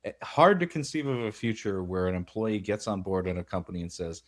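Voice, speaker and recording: A man with a very deep voice co-hosts a casual business podcast. He muses out loud and tells stories, stopping now and then to correct himself before carrying on. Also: fairly quick. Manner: musing, storytelling, self-correcting. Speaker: podcast co-host.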